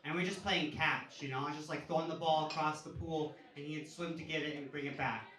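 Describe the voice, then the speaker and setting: A man in his thirties works a comedy club stage, talking loosely and casually between jokes. His voice sits a little high for a man. It comes across roomy and somewhat distant, with plenty of noise from the club around him. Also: fairly even intonation, fast talker. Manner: conversational storytelling, jumps to loud yelling for punchlines. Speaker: stand-up comedian. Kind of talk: stand-up comedy set. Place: comedy club stage before a laughing audience.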